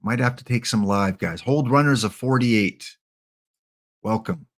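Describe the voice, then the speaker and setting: A man giving live-streamed commentary on a game, drawling along at an easy, slow pace. He thinks out loud, half to himself and half to the players he is picking. His voice sits at an ordinary middle pitch. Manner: muttering to himself and talking to the players on screen.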